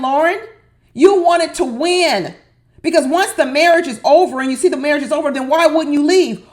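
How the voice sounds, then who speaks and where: Woman, high voice, sassy exasperated recap host who repeats herself for emphasis. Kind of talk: opinionated reality TV commentary.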